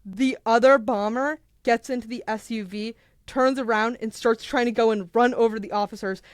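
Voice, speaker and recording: A young woman on a podcast, retelling a true crime story in a casual, animated way, full of "like" and acted-out quotes. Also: fairly high pitch, normal speed, dry recording, studio quality. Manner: animated, acts out quotes, filler "like".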